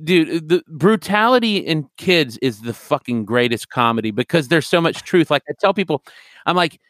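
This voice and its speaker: A man's voice: on the high side, moderate pace, no room sound, clean studio sound. A man talking as a podcast guest in casual chat, profane and rambling as he tells stories. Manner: profane, rambling, animated storyteller.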